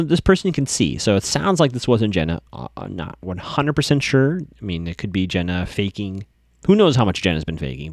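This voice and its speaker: A man's voice: on the low side, no room sound, studio quality. A young man casually recapping a TV episode, chatty and amused, with plenty of fillers. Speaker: podcast host recapping a TV episode.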